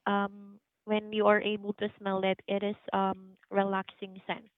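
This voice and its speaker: A woman's voice: medium pitch, monotone, measured pace, no room sound. A woman working as a customer service agent, polite and hesitant with many ums. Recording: tinny phone line.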